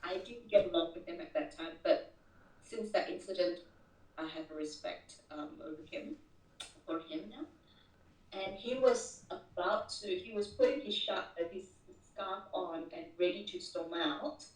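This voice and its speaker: A woman's voice: lowish voice, moderate pace. Woman telling a story, far from the mic. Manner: animated, repeats words when starting sentences. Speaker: interview guest. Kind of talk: casual storytelling interview. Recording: roomy echo, distant mic.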